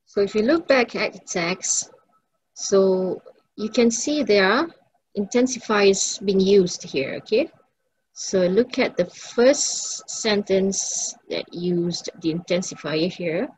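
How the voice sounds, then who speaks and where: A woman's voice: medium pitch, expressive, slow, a little hiss or hum, low-quality recording. A woman English teacher, giving a recorded lesson and patiently repeating each example sentence.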